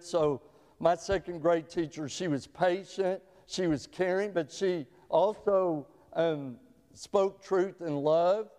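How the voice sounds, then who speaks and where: A man's voice: high voice, dark tone. A middle-aged man preaching a sermon as pastor, telling folksy stories and often repeating his words. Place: church sanctuary. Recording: long reverb of a large hall.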